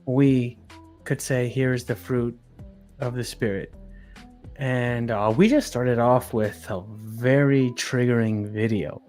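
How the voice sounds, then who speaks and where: An earnest man hosts a casual podcast at a middle pitch. He stretches out his points and often says a word twice to lean on it. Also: fairly even intonation, slow, darkish tone, faint music behind. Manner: earnest, repeats words for emphasis. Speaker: podcast host.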